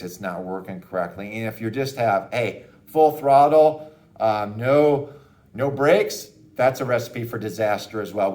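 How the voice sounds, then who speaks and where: Casting: male doctor, low-ish voice, easygoing parent-advice explainer talking to camera. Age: adult parent of a young child. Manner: casual and upbeat, with frequent "okay?" and "hey" asides. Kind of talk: educational talk to camera.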